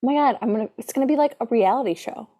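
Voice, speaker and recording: A woman's voice: on the high side, racing, dark tone. A woman co-hosting a podcast, bantering playfully and teasing her friend. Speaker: podcast co-host. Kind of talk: casual chat.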